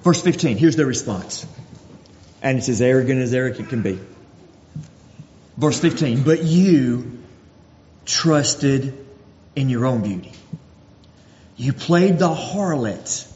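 A man's voice: mid-range voice, lively intonation, slow, pauses often, darkish tone, a little hiss or hum. A man preaching a sermon, reading scripture verse by verse and voicing God's words with mounting intensity. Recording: dull recording with long hall reverb.

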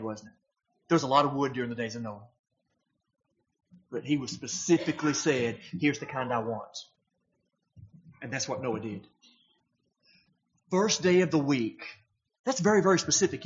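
A man's voice: medium pitch, dull audio. A man preaching a sermon, emphatic and posing rhetorical questions to his congregation.

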